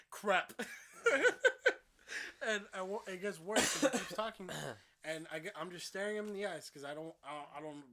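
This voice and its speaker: A man's voice: high voice, normal speed, a crowd in the background. A young man co-hosting a casual gaming podcast, telling a story with frequent laughter and swearing. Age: young adult. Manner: laughs often while telling stories, swears. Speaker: podcast co-host.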